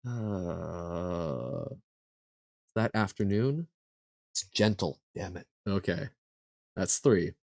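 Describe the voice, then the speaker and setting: A man streaming a live quiz, thinking aloud and haltingly sounding out foreign words as he guesses. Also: deep voice, expressive, creaky, darkish tone, dry recording.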